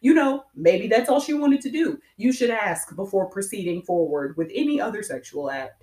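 A woman co-hosting a casual chat, frank and animated, laughing often. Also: mid-range voice, fairly quick, few pauses, reverberant.

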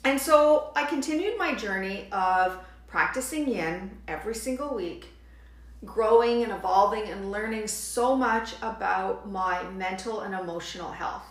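A woman's voice: medium pitch, unhurried. Woman telling a story in a roomy echo. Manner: animated storytelling, quotes others with "she's like". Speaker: podcast host, yin yoga teacher. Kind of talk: casual storytelling monologue.

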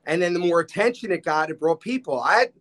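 A man in his 60s talks fast in a slightly high voice as a guest on a podcast. During the casual storytelling chat, he animatedly acts out the people he quotes.

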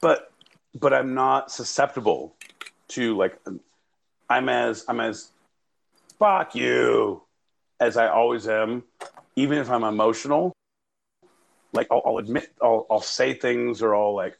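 A man's voice: medium pitch, unhurried, creaky, pauses often. A man co-hosting a podcast in casual, profane banter, rambling and joking with frequent laughter. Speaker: podcast co-host. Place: home studio, recorded remotely via live app.

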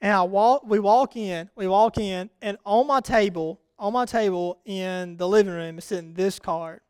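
Male preacher, very high voice, smooth, storytelling sermon, chatty with the congregation. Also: moderate pace, dry recording. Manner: casual, chatty, addresses the congregation directly; builds to a loud, repetitive rousing climax.

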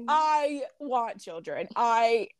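High-voiced rambling young woman. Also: expressive, extremely slow, a crowd in the background. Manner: rambling, hesitant, full of "like". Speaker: podcast co-host. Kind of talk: casual chat.

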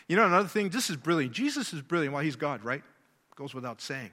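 A man's voice: fairly high pitch, very animated, fast, sharp tone, long reverb tail. A man preaching a sermon, emphatic, repeating key words and asking rhetorical questions.

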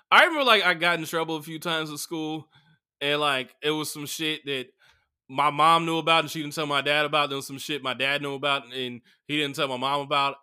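A young adult man hosting a comedy podcast, telling crude stories in a loose, animated way full of fillers. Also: a little high. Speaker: podcast host. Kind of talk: casual comedic storytelling.

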